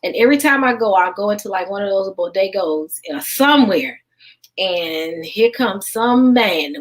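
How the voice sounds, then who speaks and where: A woman with a Southern US accent hosting a casual late-night livestream chat in a lively, folksy way. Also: medium pitch, poor audio. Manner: lively, folksy, quick to laugh. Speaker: livestream host.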